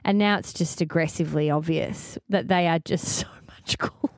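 A woman's voice: deep voice, normal speed, no room sound. A woman from Australia co-hosting a radio show, chatty and teasing, laughing often, on a studio mic. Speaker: radio co-host. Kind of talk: casual radio banter. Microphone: studio microphone.

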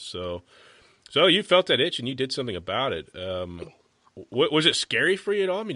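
A man's voice: on the low side, sharp tone, dry recording. A man hosting an interview, talking in an emphatic, blunt, fired-up way. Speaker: podcast host. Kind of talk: casual interview chat.

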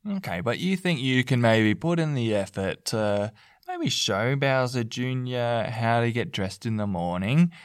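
A man's voice: medium pitch, animated, a little slow, smooth, dry recording, studio quality. A man speaking as a parenting counselor in a mock counseling session, earnest and coaxing, with lots of fillers and restarts.

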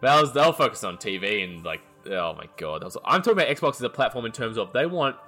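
A man's voice: medium pitch, big pitch swings, fast, pushed and bright, soft background music. A young man, co-hosting a casual podcast chat, teasing and swearing. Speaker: podcast co-host.

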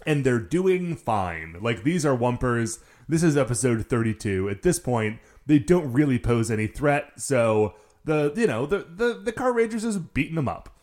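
A man's voice: mid-range voice, moderate pace, hardly any pauses. A man co-hosting a casual chat about a TV episode, laughing and quoting the characters. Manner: laughing, lively, quotes characters. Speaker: podcast co-host.

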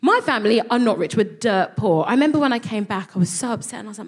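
A young woman with a London accent, co-hosting a comedy show and telling stories to a live audience in an animated way, swearing freely and acting out voices. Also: a little high, quick pace, slightly rough. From London, England. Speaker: co-host. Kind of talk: comic storytelling before a live audience.

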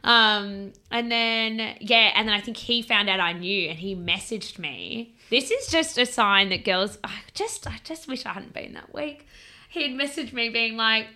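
Bright animated woman storyteller. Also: a little high, moderate pace. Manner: animated storytelling, swearing and laughing. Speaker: podcast co-host. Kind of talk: casual chat.

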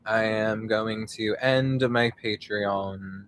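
A young man hosts a live podcast from outdoors, talking in a loose, rambling way, full of fillers and the odd swear. His voice sits fairly low, and he takes his time, drawing out his words at a slow, unhurried pace. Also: steady tone, fairly bright tone, a little hiss or hum. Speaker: podcast host. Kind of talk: casual live podcast monologue.

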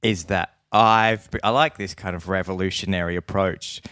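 A man's voice: low-pitched, steady tone, moderate pace, pushed and bright, no room sound, studio quality. A man with an Australian accent co-hosting a casual podcast, playful and rambling, laughing often. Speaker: podcast co-host.

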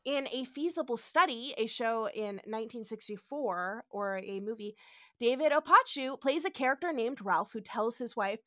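A woman hosting a podcast in casual chat, animated as she recaps a TV episode and acts out lines. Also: a little high, normal speed, no echo, studio quality. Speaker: podcast host.

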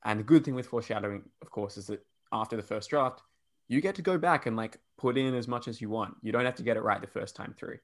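A man's voice: on the low side, quick pace. Easygoing Australian man hosting a podcast. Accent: Australian, Perth. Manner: easygoing, laughs often, wraps up with summaries. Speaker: podcast host. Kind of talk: casual chat.

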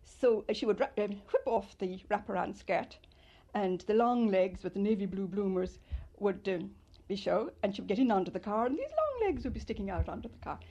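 An older woman from Ireland, fondly recalling her childhood in an interview and telling it in an animated way. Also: mid-range voice, fairly quick, muffled recording. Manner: fond, animated storytelling with loud mimicry. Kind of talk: reminiscing interview.

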